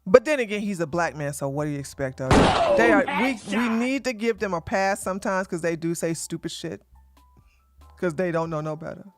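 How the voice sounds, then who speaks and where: With faint music playing behind him, a high-voiced man speaks a little fast with lively intonation as he hosts a livestream rant. He repeats lines for emphasis, swears heavily, and mocks his opponents with scornful laughter.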